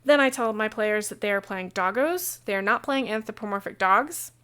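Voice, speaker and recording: A woman game master talking casually on a livestream about running a tabletop session, chatty and digressive, with quick asides. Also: mid-range voice, bright, forceful tone, smooth. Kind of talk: casual how-to talk on a livestream.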